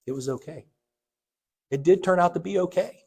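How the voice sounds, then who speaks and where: Speaking at a normal pace in a gravelly, husky, darkish voice, a man who serves as a church elder delivers a sermon. He recounts something from his own life, voicing the quoted lines with abrupt rises and drops. The setting is a church sanctuary.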